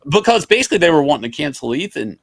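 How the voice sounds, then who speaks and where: A man guesting on a podcast, a comic artist telling stories in a casual, animated way, swearing freely and acting out the arguments he recounts. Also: on the high side, rapid-fire, gravelly, breathy edge. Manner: animated, profane, acts out quoted arguments.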